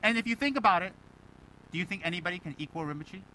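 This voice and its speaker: A Buddhist teacher giving a dharma talk to students, animated and emphatic, firing rhetorical questions and mimicking other people. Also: male voice, high voice, fast talker, slight background noise, rough recording.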